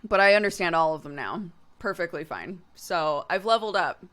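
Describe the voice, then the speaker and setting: A woman's voice: fairly low pitch, lively intonation, normal speed, fairly bright tone. A young adult woman streamer chatting casually with her viewers, full of fillers and frequent laughter. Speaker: streamer reading chat. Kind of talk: casual chat.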